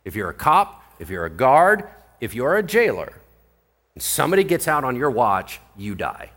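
A male pastor preaching a sermon in an animated, conversational way, full of rhetorical questions. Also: mid-range voice.

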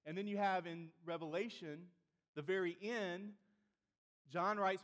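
A middle-aged man preaching a sermon as a pastor, swinging between loud emphatic lines and quiet, intimate questions to the congregation. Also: sits high, unhurried, big-room sound.

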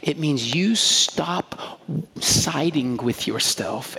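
A man's voice: sits high, expressive, normal speed, slight background noise. A man preaching a conversational sermon, telling stories and throwing in rhetorical asides like "right?". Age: adult with a young daughter. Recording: long hall reverb.

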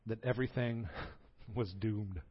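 A man's voice: on the low side, measured pace, breathy edge, lo-fi sound. A man with a Southern American accent preaching a sermon as pastor, telling the story with animation and acting out the quoted voices.

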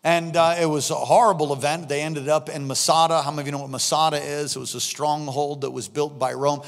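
High-voiced pastor preaching in a reverberant sanctuary. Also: male voice, a little fast, creaky. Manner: animated, acts out scenes with sudden shouts. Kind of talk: sermon. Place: church sanctuary. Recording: long reverb of a large hall.

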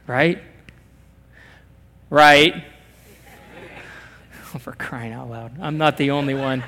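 A man's voice: fairly high pitch, fairly bright tone, in a large hall. A man preaching a sermon as a pastor, telling stories animatedly and acting out little conversations. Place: church sanctuary.

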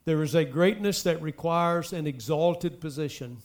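A man preaching a sermon, speaking straight to the congregation with emphatic swells and soft drops. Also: on the high side, moderate pace. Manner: addresses the congregation directly. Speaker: pastor.

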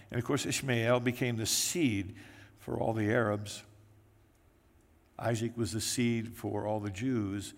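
Man preaching, animated, in an echoey hall. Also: lowish voice. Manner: animated storytelling, acting out quoted voices. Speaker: pastor. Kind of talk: sermon. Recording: echoey hall with long reverb.

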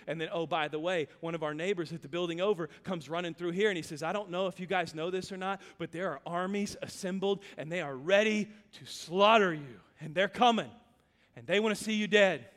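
A man from Louisiana preaching a sermon, telling stories and swinging between loud urgent calls and hushed, low passages. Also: brisk. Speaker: pastor. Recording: long hall reverb.

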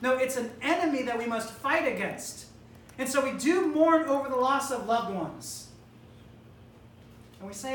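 A woman's voice: sits high, lively intonation, unhurried, a bit bright, slight background noise. A woman preacher delivering an emphatic, rhetorical sermon in which she challenges death directly. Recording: roomy hall, distant mic, faint ambience.

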